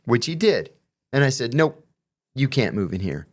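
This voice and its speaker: Animated storytelling man. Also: medium pitch, moderate pace. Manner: animated, acts out quoted exchanges with profanity. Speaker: guest telling prison stories. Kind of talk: casual storytelling conversation.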